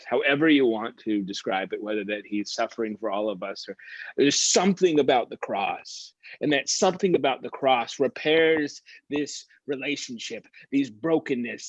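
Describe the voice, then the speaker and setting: Husky-voiced pastor leading a Bible study. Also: male voice, on the low side, dry recording, lo-fi sound. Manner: conversational storytelling with restarts.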